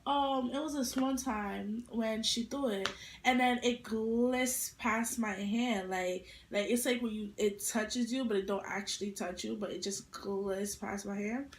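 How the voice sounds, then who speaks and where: A young woman vlogger telling a casual storytime, animated and full of attitude as she acts out quotes. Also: fairly high pitch, unhurried, a little hiss or hum. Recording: echoey room.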